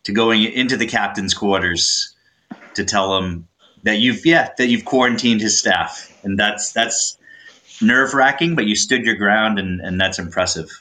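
Bright-voiced male interviewer. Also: lowish voice, unhurried. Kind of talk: casual interview talk.

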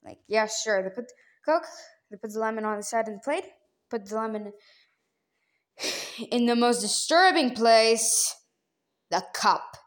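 Woman vlogger, casual storytelling, rambling, slightly high voice, sudden pitch jumps. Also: animated, measured pace, pauses often.

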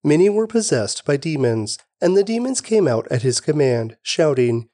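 A man giving a steady, expressive scripted reading of scripture. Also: a little high, normal speed, dry recording, clean studio sound. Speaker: scripture reader.

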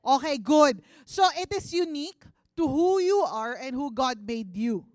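High-voiced Filipino woman preaching. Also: animated, unhurried, a little mellow, dry recording, studio quality. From Philippines. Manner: conversational, mixes Tagalog into English, asks the congregation questions. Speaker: pastor. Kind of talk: sermon. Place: church service.

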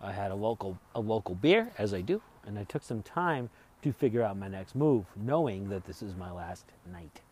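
A man's voice: on the low side, expressive, normal speed, darkish tone, slightly rough. A man vlogging as he travels, telling a rambling, profane story in casual chat. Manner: rambling, profane, laughs while retelling.

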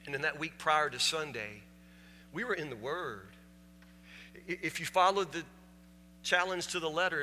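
A pastor telling a story in a sermon to his congregation, repeating words for emphasis and building to loud, high peaks. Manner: repeats words when stressing a point, rising to near-shouting climaxes. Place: church sanctuary. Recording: long hall reverb, faint hum.

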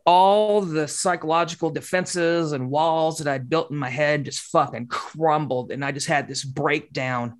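A woman telling a personal story in casual conversation, swearing often and talking in an animated, candid way. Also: sits low, measured pace, few pauses. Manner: swears constantly, animated, acts out quoted dialogue.

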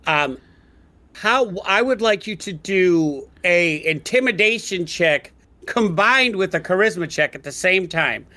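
Brief: male game master, bright tense voice, halting rambling narration. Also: high-pitched, animated. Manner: rambling, halting descriptions full of fillers.

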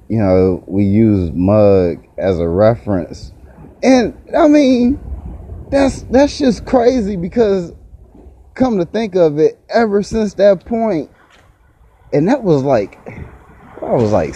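Profane, animated man telling a story. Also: husky. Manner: profane, laughs often, pitch leaps up when excited. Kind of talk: casual storytelling.

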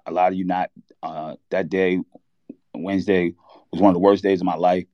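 A man hosting a sports talk show, telling a candid, halting story of losing his cousin. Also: low voice, little pitch movement, dry recording, highs cut off. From New York. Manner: candid, halting, reliving a loss. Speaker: podcast host.

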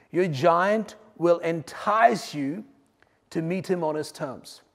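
A man delivers a sermon in a high, ringing voice, building to loud emphatic points and then dropping to quiet asides. His words trail off into the long reverb of a large hall. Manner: dynamic preaching, swings between loud emphasis and quiet asides. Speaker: pastor.

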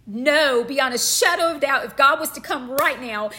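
Woman preacher, middle-aged, high bright voice, fervent and emotional, builds with repetition. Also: moderate pace. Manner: fervent, emotional, repeats phrases for emphasis. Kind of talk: passionate sermon.

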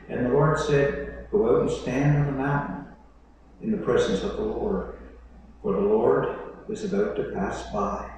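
A man's voice: lowish voice, darkish tone, a little hiss or hum. A man preaching a sermon as a pastor, reading scripture aloud and breaking into conversational asides. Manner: preaching with dramatic quoted voices, conversational asides. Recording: echoey hall, mic at a distance.

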